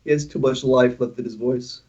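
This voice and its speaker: A man's voice: mid-range voice, steady tone, brisk, a little mellow, muffled recording. A man in his twenties chatting casually as a stream guest, laid-back and wry. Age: 20s. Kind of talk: casual chat.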